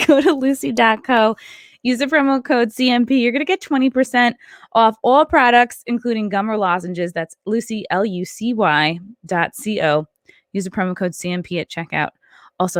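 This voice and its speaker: In a dry, studio-quality recording, a woman with a medium-pitched voice hosts her podcast and does stand-up. She chats casually and reads sponsor ads, sounding a bit out of breath and laughing at her own slips.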